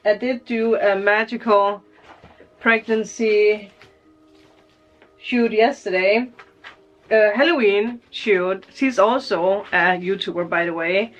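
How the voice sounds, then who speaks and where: A woman's voice: mid-range voice, dull audio. A woman vlogger chatting casually through an unboxing, emotional and laughing often.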